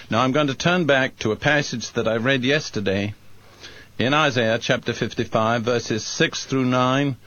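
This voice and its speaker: A man preaching a sermon, reading scripture and explaining it in a slow, deliberate, emphatic way. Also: mid-range voice, fairly bright tone. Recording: dry, dull lo-fi recording.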